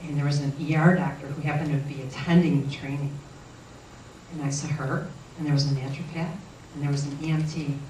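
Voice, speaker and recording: Woman guest, earnest halting storyteller, roomy distant recording with faint noise. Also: sits low, steady tone, a little mellow. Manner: earnest, halting with frequent restarts. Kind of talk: personal storytelling.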